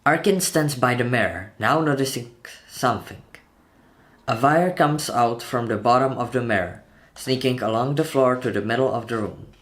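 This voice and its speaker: Man narrating a thriller, voicing booms. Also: normal speed, fairly bright tone. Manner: tense retelling, voices sound effects like booms and gunshots. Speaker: channel host narrating a film breakdown. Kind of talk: dramatic story narration.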